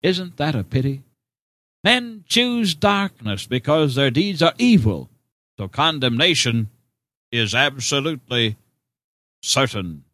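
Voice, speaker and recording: A man's voice: mid-range voice, very animated, a bit bright. A man preaching a sermon to the listener, earnest and emphatic, often calling out "my friend". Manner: slow, earnest, emphatic preaching with rising exclamations. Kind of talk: radio sermon.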